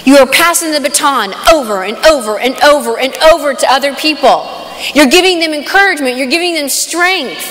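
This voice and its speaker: Young woman, conference speaker, lively storytelling, fairly high voice, long hall reverb. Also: fairly quick. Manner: animated storytelling, excited exclamations. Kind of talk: youth conference talk. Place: large hall.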